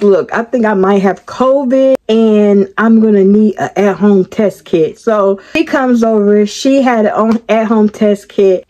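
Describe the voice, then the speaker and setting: A young woman, telling a storytime vlog in an animated way, speaking straight to viewers. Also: mid-range voice, lo-fi sound. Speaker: vlogger.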